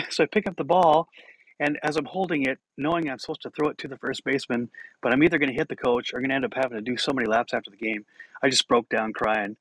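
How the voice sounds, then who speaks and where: Brief: male podcast host, chuckling storyteller, average pitch, dry close sound. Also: steady tone, fast talker, a bit bright, dry recording, low-quality recording. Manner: self-deprecating, chuckling as he tells it. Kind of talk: casual personal storytelling.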